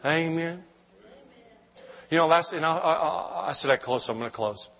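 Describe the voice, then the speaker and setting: A man's voice: fairly high pitch, moderate pace, gravelly, a bit bright. A middle-aged man, preaching as a guest in church and telling an emotional testimony with many restarts. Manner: emotional, storytelling, with frequent restarts. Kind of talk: sermon testimony. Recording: long hall reverb.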